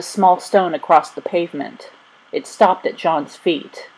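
A husky woman narrates a children's story in an expressive, even reading. Her voice sits on the low side. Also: unhurried, poor audio.

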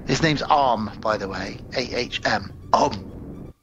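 A man co-hosting a casual podcast, telling the story of a film with energy and bits of acted dialogue. His voice sits at an ordinary middle pitch. A faint hiss of noise runs under the recording. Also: takes it slowly, dull audio. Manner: animated storytelling, retelling movie plots with acted quotes. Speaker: podcast co-host. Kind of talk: casual chat.

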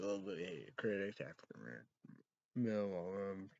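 A man hosting a rambling solo talk show, reading out names and words one by one in a halting way. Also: low voice, lively intonation, vocal fry, a little mellow, no room sound. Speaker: host. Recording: dull lo-fi recording.

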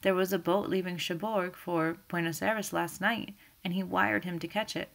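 A woman reading the part of a proud, composed middle-aged widow who speaks in a low, restrained tone. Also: fairly even intonation, moderate pace, creaky, fairly bright tone.

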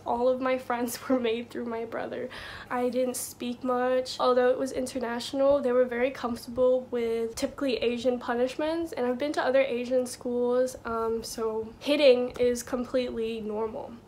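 A young woman in her twenties speaks softly and casually, scattering filler words through a personal story. Her voice sits high for a woman. Faint background hiss runs under the recording. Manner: soft-spoken, many filler likes, gets choked up. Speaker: vlogger.

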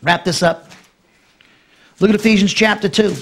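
A man preaching an expository Bible lesson, emphatic and repetitive, pushing his voice up for stress and dropping low to close each point. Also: fairly even intonation, moderate pace. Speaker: pastor teaching a Bible class. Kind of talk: expository sermon.

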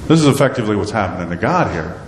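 Animated preacher in an echoing church. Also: male voice, fairly low pitch, rapid-fire, slight background noise. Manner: animated, asks the congregation rhetorical questions. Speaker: pastor. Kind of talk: sermon. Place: church sanctuary. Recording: echoey church hall with long reverb.

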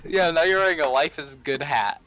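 A man's voice: fairly high pitch, a little fast, crowd noise, low-quality recording. A man teasing his friends in casual gaming voice chat. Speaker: gamer in a voice chat.

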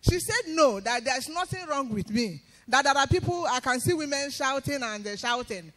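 A woman giving an emphatic spoken testimony in church, breaking into loud praise. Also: high voice, animated, moderate pace.

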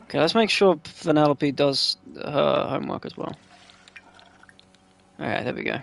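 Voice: medium pitch, moderate pace, creaky. A gameplayer chatting casually over a life-sim game, swearing freely and talking to the game characters.

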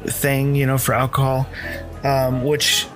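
A man's voice: mid-range voice, completely flat delivery, measured pace, over music. An American man hosting a casual podcast chat, rambling with lots of fillers and easy laughs. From United States. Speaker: podcast host.

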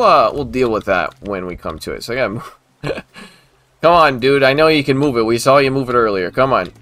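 A man's voice: on the low side, a bit bright. A man casually commentating his own gameplay, talking to the game and breaking into exasperated outbursts. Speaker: gaming video host.

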